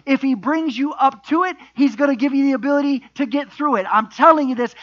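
High, bright-voiced preacher, middle-aged man. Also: moderate pace, few pauses, muffled recording. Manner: emphatic preaching, repeated refrains and rhetorical questions. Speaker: pastor. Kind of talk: sermon.

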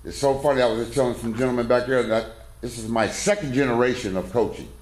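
A man's voice: mid-range voice, quick pace, a little hiss or hum. A middle-aged man, a coach, telling a rambling, folksy, self-deprecating story to a men's conference in a church. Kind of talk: casual talk with a story. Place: church hall. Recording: echoey room.

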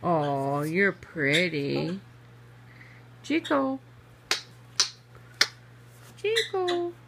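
A woman's voice: mid-range voice, big pitch swings, slow, vocal fry, sharp tone, slight background noise. A woman at home talking to her pets in playful, teasing baby talk. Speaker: pet owner.

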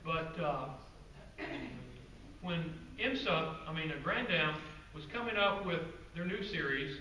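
A man giving a guest-speaker presentation to a club audience, telling stories in a relaxed, conversational way with asides to the crowd. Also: a little high, a little slow. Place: meeting room with an audience. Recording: roomy, distant, faint background noise.

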